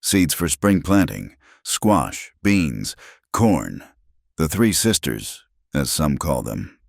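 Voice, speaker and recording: A man's voice: a bass voice, very animated, slow, vocal fry, dry recording, studio quality, exaggerated voice. A man voicing a kind, worried older farmer, speaking heavily in short blunt sentences. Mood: earnest.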